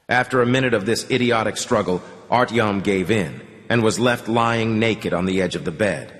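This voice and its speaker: A man reading an audiobook in measured, somber scripted narration. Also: lowish voice, a bit bright. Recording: long reverb.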